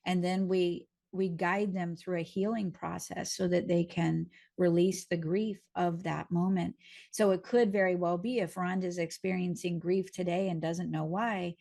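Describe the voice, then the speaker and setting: Gravelly woman teaching hypnotherapy calmly. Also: fairly low pitch. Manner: calm, explanatory, uses homely images. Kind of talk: teaching a training lesson.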